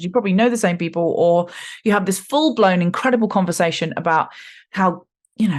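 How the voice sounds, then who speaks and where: A woman in her forties hosting a podcast, talking in a chatty, animated way with slangy asides. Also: medium pitch. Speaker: podcast host. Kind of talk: casual spiritual podcast monologue.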